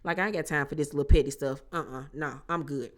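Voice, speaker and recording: A woman with a somewhat low voice talks through a reality show episode like she is catching up a friend. She is animated and slangy, and she often slips into quoting people along the way. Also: fast. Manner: animated, chatty, slangy, acts out quotes. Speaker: reality TV recap YouTuber. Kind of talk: casual gossipy show recap.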